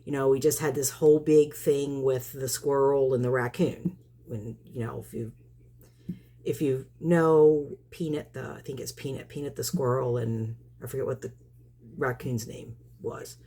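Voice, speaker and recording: A woman's voice: a bass voice, fairly even intonation, moderate pace, warm tone. A woman vlogger feeding neighborhood cats, chatting to her viewers in a rambling way and laughing often. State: just back in from outdoors. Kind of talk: casual chat to camera.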